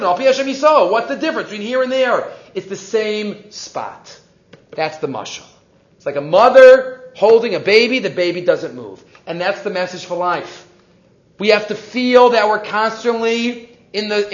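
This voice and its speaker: A man teaching an evening Torah class, lively and animated, acting out the quoted speeches and mixing in Hebrew terms. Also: high-pitched. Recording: roomy, dull lo-fi class recording.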